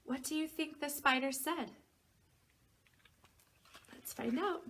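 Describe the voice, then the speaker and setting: A woman preschool teacher reading a picture book aloud to young children. She asks them gentle questions, waits for their answers, and acts out the animal noises in a raised voice. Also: high-pitched, slow, pauses often.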